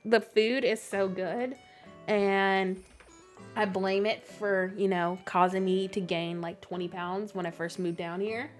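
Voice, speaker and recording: A woman's voice: medium pitch, fairly even intonation, takes it slowly, soft background music. A chatty woman in her thirties with a mixed Canadian and Southern Louisiana accent, laughing often as she answers viewer comments while playing a game. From Canada, near Vancouver. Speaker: gaming content creator.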